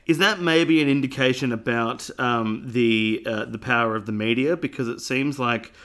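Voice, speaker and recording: A man's voice: medium pitch, moderate pace, a bit bright. A man co-hosting a podcast in casual chat, wry and rambling, often correcting himself mid-sentence. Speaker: podcast co-host.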